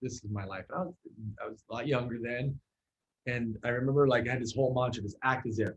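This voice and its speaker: A male musician telling a story as an interview guest. His voice sits at a middle pitch, and his delivery is loose and chatty, full of "like"s and restarts. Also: fast, slight background noise, low-quality recording. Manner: animated storyteller with many fillers and restarts.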